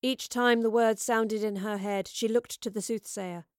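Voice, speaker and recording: A woman narrating a fantasy audiobook in a measured, steady storytelling voice. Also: mid-range voice, no echo. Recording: dry close recording.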